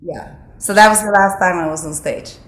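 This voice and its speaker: A woman with a low, raspy, husky voice that sounds a little broken. English is not her first language, and she talks reflectively, with plenty of "like" fillers and restarts. The sound is roomy, with a faint hum of background ambience. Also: normal speed, fairly bright tone. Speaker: actress, interview guest. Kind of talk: casual interview talk.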